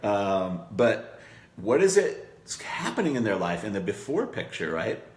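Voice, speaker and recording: A man's voice: lowish voice, sing-song, measured pace, echoey room. A man teaching marketing copy in a coaching session, talking conversationally and checking in with "right?" as he acts out client quotes.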